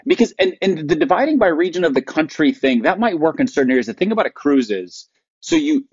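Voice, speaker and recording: A man's voice: a little high, sing-song, fast, breathy edge, dry recording. A middle-aged man co-hosting a podcast in casual chat, telling stories in a dry, wry way. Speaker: podcast co-host. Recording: dry, slightly dull sound.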